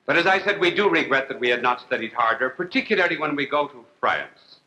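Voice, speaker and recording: A man speaks as a priest giving a lecture to a television audience. His voice is sharp and bright, and his delivery is wry and unhurried. He spaces his phrases out and drops his jokes with a straight face. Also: medium pitch, lively intonation, a little hiss or hum, low-quality recording. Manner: wry, deliberate, with long pauses and dry jokes. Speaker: priest and TV host.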